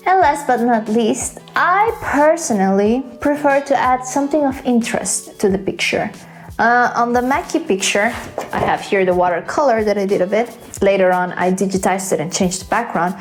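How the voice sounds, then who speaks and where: Tutorial host, woman, fairly high voice, chatty and playful, soft music under her. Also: normal speed. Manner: chatty, playful, self-mocking asides. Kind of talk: casual drawing tutorial.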